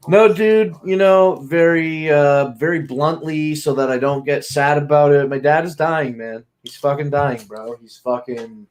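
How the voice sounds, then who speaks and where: Blunt, profane man talking casually. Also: on the high side. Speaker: streamer. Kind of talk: casual talk.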